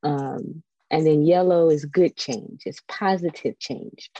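A woman in a casual spiritual chat, telling stories in a chatty, animated, digressive way. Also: low voice, slow, dull audio. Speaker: spiritual guest.

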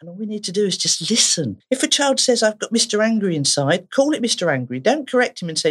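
A woman's voice: mid-range voice, fast talker, hardly any pauses, slightly rough. A woman therapist with an Essex accent, telling stories animatedly in a podcast conversation and laughing often. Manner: animated storyteller, laughs often, acts out voices. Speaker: therapist guest.

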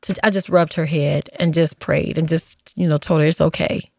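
A woman, a former hospice nurse, telling stories from her work in a casual interview, acting out what people said with lively jumps in her voice. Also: moderate pace, vocal fry, no room sound, studio quality. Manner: animated, acts out quoted dialogue with big pitch jumps.

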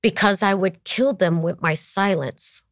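A woman's voice: medium pitch, unhurried, dry recording, clean studio sound. A middle-aged woman telling a personal story as a talk show guest, acting out the voices of the people she quotes.

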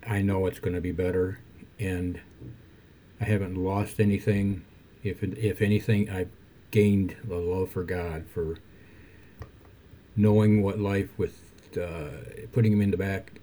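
Older man with a low, mellow voice. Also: slight background noise. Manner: halting, self-correcting, faith-focused musing. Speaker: poet reading his own poems. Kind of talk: reflective conversation and poetry reading.

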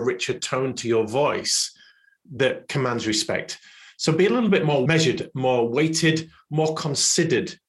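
A man's voice: medium pitch, a bit bright. Middle-aged man hosting an advice podcast. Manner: emphatic, building points in lists. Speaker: podcast host. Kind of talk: solo advice segment.

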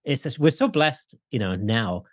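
A man's voice: medium pitch, expressive, measured pace, no echo, studio quality. A man in his forties in a casual podcast conversation, talking in a reflective, rambling way with many fillers.

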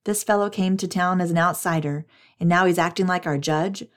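A woman voicing an angry, hostile mob of men, in her lowish reading voice. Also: fairly even intonation, fairly quick, natural voice. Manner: hostile, threatening.

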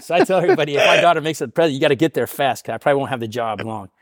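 A middle-aged man tells a personal story at a quick clip and puts on the voices of the people in it. The recording is dry and close, with no room sound. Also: mid-range voice, no echo. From Portland, Oregon area. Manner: animated storyteller, acts out quoted voices. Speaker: guest sharing recovery story. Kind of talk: casual storytelling.

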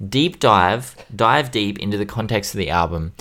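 Man, podcast co-host, low voice, enthusiastic and teasing. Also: animated, normal speed, sharp tone. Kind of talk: casual chat about music.

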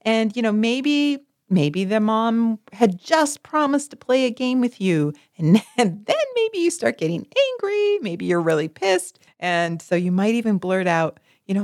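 A woman's voice: a little high, a little slow, few pauses, no room sound, studio quality. A woman in casual conversation as co-host, telling stories expressively and acting out the people in her examples. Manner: expressive, animated storytelling with vivid voiced examples. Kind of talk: casual chat.

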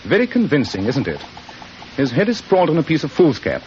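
An actor playing a shrewd, cool-headed detective in a vintage radio drama, speaking crisply with dry irony. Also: male voice, medium pitch, wildly swooping pitch, brisk, a little mellow. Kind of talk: 1940s radio acting. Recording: muffled old radio broadcast with faint hiss.

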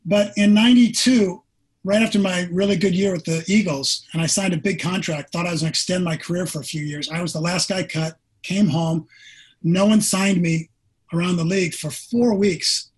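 A man's voice: high voice, steady tone, normal speed, husky. A middle-aged man, a former pro football player, telling an earnest personal story in an interview.

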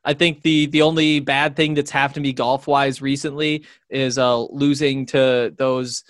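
A man in his twenties co-hosts a sports podcast, rambling through stories in casual chat with lots of fillers. His medium-pitched voice is a bit bright, delivered flat and a little slowly, and the recording is clean studio sound with no room sound.

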